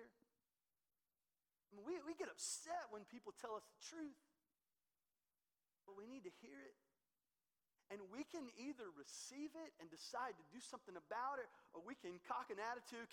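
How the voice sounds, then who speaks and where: A middle-aged man preaching a sermon as pastor, telling a personal story emphatically and stumbling over repeated words when excited. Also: very high voice. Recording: long hall reverb.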